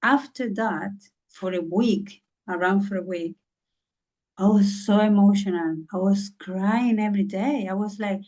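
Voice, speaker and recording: A woman from southern England, appearing as a podcast guest, earnestly shares a personal story in a conversational interview. Her voice is medium-pitched, a little mellow, and at normal speed, though the recording is muffled. She often searches for words, frequently saying "you know."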